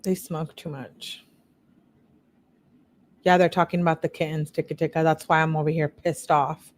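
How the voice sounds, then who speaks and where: A woman's voice: low voice, little pitch movement, moderate pace, slight background noise. A woman reading text messages aloud, lifting her voice for the quotes and breaking off with blunt, candid asides. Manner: reads quotes in a slightly raised voice, blunt asides. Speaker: true-crime commentator.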